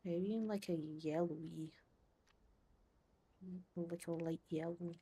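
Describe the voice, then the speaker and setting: Woman game streamer, unhurried, chatty, thinks out loud, gets excited fast. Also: lowish voice, breathy edge. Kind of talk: casual livestream commentary while playing.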